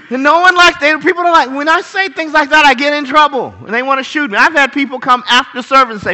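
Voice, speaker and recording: A man preaching a sermon as pastor, animated and jokey, acting out little voices of pets and people. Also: very high voice, normal speed.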